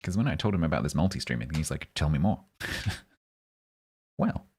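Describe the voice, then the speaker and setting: A man's voice: very deep voice, very animated, moderate pace, darkish tone, slightly rough. A man live-streaming a game, chatting casually and jokingly with his chat.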